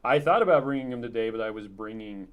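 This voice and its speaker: A man co-hosting a live stream, chatting casually and reading viewer comments aloud in a relaxed, quiet way. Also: medium pitch, fast talker, muffled recording. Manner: relaxed, reads chat messages in a quiet flat tone.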